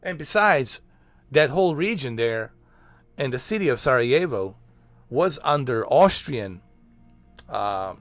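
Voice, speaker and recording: A man's voice: medium pitch, big pitch swings, measured pace, pauses often, dry recording, faint music behind. A man from Bosnia, chatting casually on his stream in a rambling, filler-heavy, profane way.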